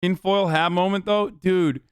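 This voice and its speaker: A man's voice: high voice, fairly even intonation, a little slow, clear, resonant tone, dry recording, clean studio sound. A man hosting a live stream, talking casually, heated and incredulous, and swearing a lot. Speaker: streamer host.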